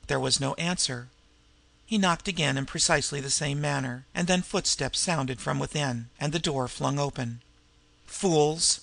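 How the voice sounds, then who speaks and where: A man narrating a novel in a measured, even storytelling manner. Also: mid-range voice, creaky. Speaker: audiobook narrator. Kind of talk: scripted narration.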